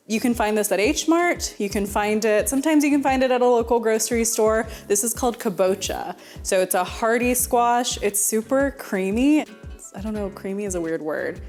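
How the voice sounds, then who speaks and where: A woman's voice: mid-range voice, darkish tone. Giggly chatty young woman from Houston. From Houston, Texas. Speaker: cooking show host. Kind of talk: casual cooking tutorial.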